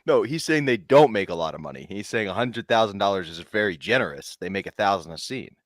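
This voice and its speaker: A man co-hosting a casual comedy chat show, trading quick, playful teasing remarks. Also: lowish voice, animated, dry recording, studio quality. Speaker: podcast co-host.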